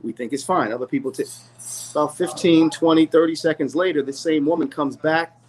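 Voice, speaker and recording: A man's voice: a little high, a little fast, a little mellow, low-quality recording. Earnest man telling a story. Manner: earnest storytelling, acts out quoted voices. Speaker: rapper's manager, interview guest. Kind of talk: candid interview conversation.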